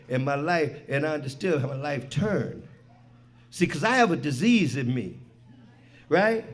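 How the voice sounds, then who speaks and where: Middle-aged guy sharing his story at a meeting, high voice, swears a lot, loud punchlines then goes quiet. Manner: animated storyteller, swings between loud punchlines and quiet reflection; profane, street slang. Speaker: speaker at a recovery meeting. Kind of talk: personal recovery share. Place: meeting hall before an audience.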